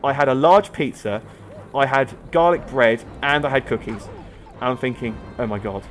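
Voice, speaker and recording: A man's voice: mid-range voice, moderate pace, faint music behind. A young man, chatting in rambling casual let's-play commentary while he plays. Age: young adult. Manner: rambling chatty storytelling, many fillers. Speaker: gaming video host.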